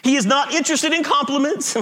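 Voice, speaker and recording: A man's voice: very high-pitched, fairly quick, sharp tone. A man preaching a sermon, emphatic and repeating his key phrases, often chuckling at himself. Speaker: pastor.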